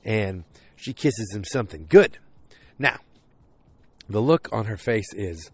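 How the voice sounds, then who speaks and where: A man hosting a podcast, casually recapping a TV episode and acting out characters' lines in quick put-on voices. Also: fairly low pitch, animated. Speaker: podcast host.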